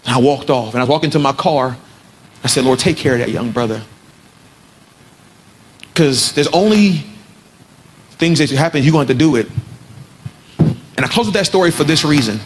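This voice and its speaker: Male pastor, higher-pitched, sermon delivery from hushed story to stirring appeal, faint noise behind. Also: animated, brisk, pauses often. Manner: storytelling, rising to fervent exhortation. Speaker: preacher.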